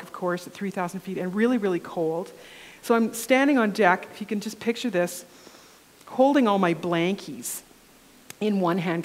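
A woman journalist giving a keynote talk, telling a lively personal story and acting out the dialogue. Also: mid-range voice. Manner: animated storyteller, acts out quoted dialogue. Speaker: keynote speaker. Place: conference hall. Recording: long hall reverb.

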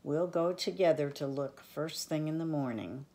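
A woman's voice: deep voice, normal speed, mellow. An older woman voicing a young boy turtle who is stubborn and hurt, sulky and insistent. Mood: gentle.

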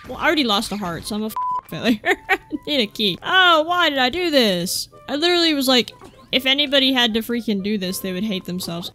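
A woman's voice: fairly high pitch, huge pitch swings, a little fast, pushed and bright, faint music behind. A woman giving casual, profane, exasperated commentary while playing a video game, talking back at the characters on screen. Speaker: let's play gamer. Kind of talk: gameplay commentary.

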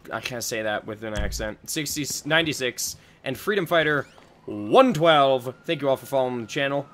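A man chatting excitedly to his viewers while he plays a game, with game sounds and music behind him. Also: medium pitch, normal speed, a little hiss or hum. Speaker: gaming streamer. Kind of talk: casual let's-play commentary.

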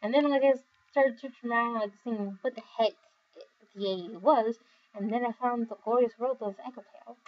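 A tired young woman reading viewer comments in a casual, rambling chat, giggling often and filling pauses with "um" and "like". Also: a little high, fairly even intonation, highs cut off, a little hiss or hum. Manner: giggly, rambling, with many fillers. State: overly tired. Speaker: video creator reading comments.

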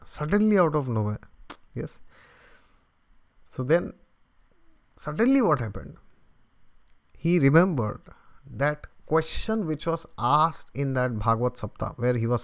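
A middle-aged man teaching through a scripture story, chuckling often and asking rhetorical questions in an animated, conversational way. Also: fairly high pitch.

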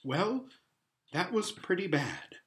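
A man's voice: high-pitched, very animated, takes it slowly, pitched above the performer's own voice, full character voice. A man putting on an earnest young girl. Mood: gentle. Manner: pleading, anxious. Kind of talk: storybook reading.

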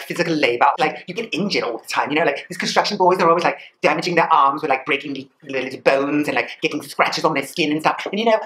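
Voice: medium pitch, a bit bright, a little hiss or hum. A performer in a rambling comic monologue, full of "like" and "you know" fillers, playing it mock-silly. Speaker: comedy vlogger.

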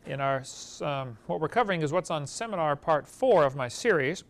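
Male lecturer, higher voice, folksy storyteller who chuckles as he teaches a class. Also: animated, brisk. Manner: folksy storytelling, chuckles at his own jokes.

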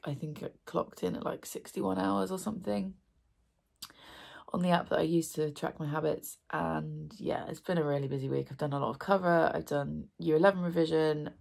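A young woman, tired and hoarse, chatting casually to camera as a book vlogger, excitable and quick to laugh. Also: low-pitched. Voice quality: gravelly, husky voice. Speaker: booktube vlogger.

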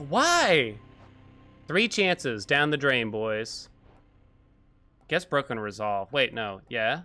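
Male streamer, casual running commentary, bright tone, game music underneath. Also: mid-range voice, very animated, drawn-out words, pauses often. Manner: chatty, reacts aloud to the game.

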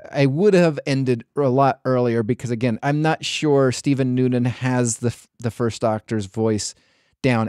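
A man's voice: mid-range voice, darkish tone, dry recording, studio quality. A man hosting a podcast, chatting casually in a rambling way, full of restarts and hedges. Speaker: podcast host.

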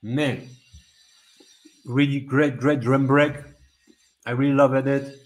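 A man's voice: mid-range voice, steady tone, takes it slowly. A young man who is not a native English speaker hosting a casual livestream, hyping people up and repeating himself with lots of fillers. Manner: hyped, repetitive, lots of fillers. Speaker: livestream host.

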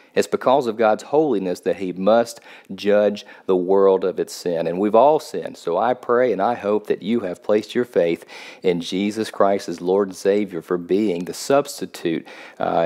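A man's voice: fairly low pitch, dark tone. A male pastor giving a short video sermon, emphatic and stressing key words with rising force.

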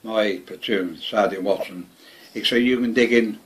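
An older man speaks in a rather low, gruff tone, telling his story at home in a loose, meandering way. He swears constantly and keeps repeating words. Faint household ambience sits behind him. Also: normal speed, slight background noise. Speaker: veteran interviewee. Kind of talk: casual reminiscing.

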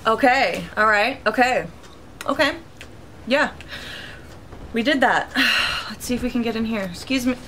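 A woman's voice: fairly high pitch, a little slow, long pauses, bright, forceful tone, a little hiss or hum. A young woman giving casual let's-play commentary, chatty and reactive, talking to her viewers with sudden yelps. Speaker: gaming YouTuber.

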